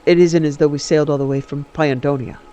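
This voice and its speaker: A man's voice: a little high, steady tone, quick pace, mellow, natural voice. A man reading aloud and voicing an irritated male mage who answers curtly. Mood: angry. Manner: curt, annoyed.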